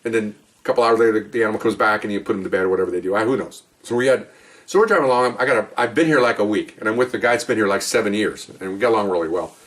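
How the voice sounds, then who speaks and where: A middle-aged man spins his police stories at a quick clip, rambling and chatty, breaking off into asides and restarts. He sits a little back from the microphone, so his voice sounds slightly distant. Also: on the low side, fairly bright tone. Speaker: police officer telling stories. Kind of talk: casual spoken storytelling.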